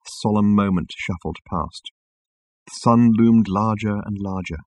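A man reading an audiobook in scripted narration with a dry, measured storytelling manner on a close mic. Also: lowish voice, a little mellow.

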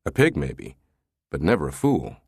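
A man reading a thriller audiobook in a measured, even storytelling manner. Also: a bass voice, slightly rough, no echo, studio quality. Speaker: audiobook narrator. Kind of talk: scripted thriller narration.

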